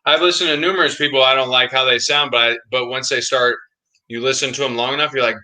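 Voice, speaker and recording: Casting note: male podcast co-host, bright forceful tone, emphatic and insistent, casual slangy chat. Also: medium pitch, steady tone, fast talker, poor audio. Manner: emphatic, insistent, says "dude" a lot.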